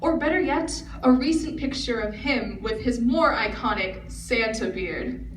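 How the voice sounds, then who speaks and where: Teen girl reading her speech earnestly, fairly high voice, echoey hall, recorded from way back, little bit of noise. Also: a little slow, far from the mic. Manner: earnest, recited delivery. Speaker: student speaker. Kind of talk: prepared speech. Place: large convention hall.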